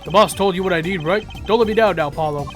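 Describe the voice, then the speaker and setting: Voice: medium pitch, fast, a bit bright, natural voice. Streamer doing a chummy noodle vendor, eh?. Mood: pushy. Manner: folksy, ends lines with "eh?". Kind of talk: voice acting a game playthrough. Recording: game music playing underneath.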